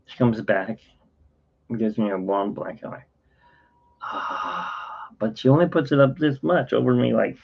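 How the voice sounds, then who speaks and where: Mid-range, gravelly, and expressive, a man's voice moves a little fast through a rambling personal story. The weary channel host interrupts himself and acts out everyone's dialogue in his casual vlog, which has dull lo-fi sound.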